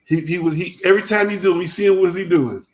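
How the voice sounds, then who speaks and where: A man hosting a casual sports talk show, telling stories in a rambling, animated way with many restarts. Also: high voice, fast talker, poor audio.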